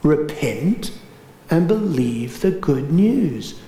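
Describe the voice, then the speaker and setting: A man preaching a sermon. He tells a story with dramatic swings between raised and hushed delivery. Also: on the high side, big pitch swings, extremely slow. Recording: roomy echo.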